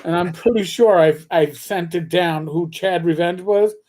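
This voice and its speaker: A man co-hosting a casual chat, who talks very slowly and haltingly. He keeps restarting his sentences as he works his way toward a point. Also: high voice, darkish tone. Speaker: co-host.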